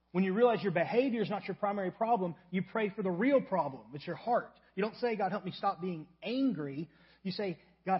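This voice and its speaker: Husky-voiced man preaching a sermon. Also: lo-fi sound. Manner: emphatic, repeats key phrases, drops to soft low tones for acted prayers. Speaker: pastor.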